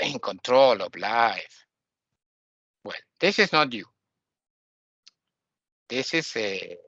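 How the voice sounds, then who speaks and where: A man from Argentina with an Argentinian Spanish accent, a native Spanish speaker giving an informal spiritual lesson in English, animated and repeating words as he mocks the ego in quick asides. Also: mid-range voice, no echo, muffled recording. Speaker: spiritual teacher.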